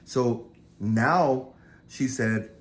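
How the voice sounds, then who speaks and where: A man's voice: medium pitch, drawn-out words. A man casually retelling a true crime story, acting out the quoted lines with lots of energy.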